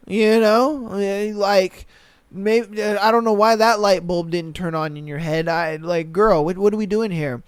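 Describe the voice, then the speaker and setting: A young man with a high, smooth, resonant voice reads listener stories on his podcast. He breaks in with blunt, profane reactions, and the sound is close and dry. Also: moderate pace, no echo. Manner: profane, animated, blunt commentary. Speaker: podcast host.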